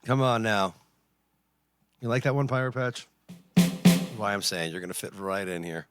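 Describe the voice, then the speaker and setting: A man's voice: fairly low pitch, moderate pace, over loud music. A man in his forties hosting a live stream, chatting casually with viewers, reading their messages aloud and cracking puns. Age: 40s. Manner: chatty, reads out chat, joking puns. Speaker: livestream host and pianist.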